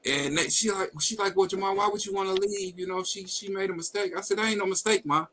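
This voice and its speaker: A man's voice: high-pitched, fast, a bit bright, a little hiss or hum, poor audio. A man hosting a live talk stream, telling a personal story in a blunt, profane, heated way and acting out the quoted dialogue. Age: adult with a wife and kids. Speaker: host. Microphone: video call setup.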